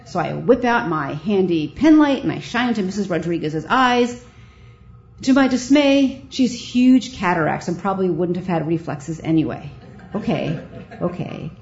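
A woman, a physician, telling a live story in a lively, self-mocking way, with a dull lo-fi sound. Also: on the low side, moderate pace.

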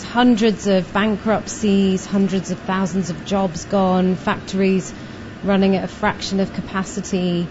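A woman presenting a business radio programme, in clear, scripted delivery and on-location interviews. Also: mid-range voice, steady tone, a little slow, muffled recording, background noise. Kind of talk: radio presenting and field reporting.

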